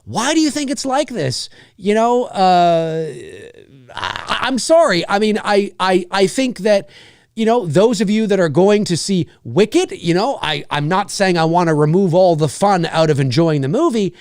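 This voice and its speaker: A man's voice: high voice, animated, unhurried, a little mellow, clear, resonant tone, dry recording, studio quality. A man hosting a livestream show, ranting casually with exasperation, swearing freely and mimicking noisy children.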